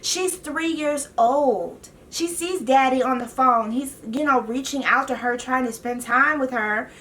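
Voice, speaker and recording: A woman vlogger recapping a TV show in a casual, animated and exasperated way, full of slang. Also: high-pitched, measured pace, distant mic, a little hiss or hum.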